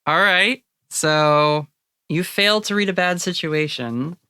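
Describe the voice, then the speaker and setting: A woman acting as game master, narrating a tabletop role-playing game in a lively way and laughing often. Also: on the low side, slow pace, clear, resonant tone, no echo, studio quality.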